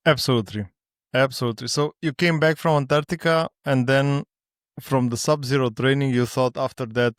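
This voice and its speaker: A male interviewer asks halting questions between short backchannels. His voice sits at a middle pitch. The recording is close and dry, with no room sound. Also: fairly even intonation, no room sound.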